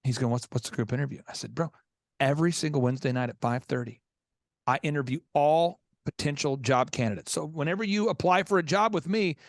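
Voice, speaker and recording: A man's voice: a little high, brisk, no room sound, clean studio sound. A man hosting a business podcast, telling stories with energy and acting out both sides of conversations. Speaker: podcast host. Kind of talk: animated storytelling.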